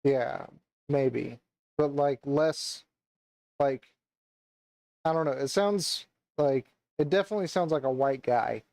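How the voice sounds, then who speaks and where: A man's voice: medium pitch, takes it slowly, vocal fry, long pauses, a little mellow, dry recording, low-quality recording. A young man co-hosting a casual chat, rambling and hesitant with many fillers and restarts. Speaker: podcast co-host.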